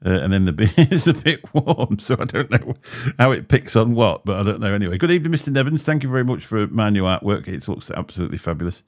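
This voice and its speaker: Quick and with few pauses, a man on the low side of pitch swings his voice widely as he hosts a livestream. The casual chat rambles, includes frequent laughs and a slight lisp, and is recorded on a desk microphone.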